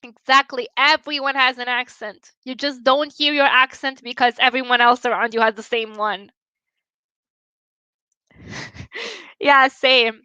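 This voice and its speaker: A woman's voice: high-pitched, fairly even intonation, measured pace, long pauses, sharp tone, smooth, no echo, muffled recording. A young woman from Romania with a Romanian accent, chatting casually with viewers on a stream, laughing often and swearing freely.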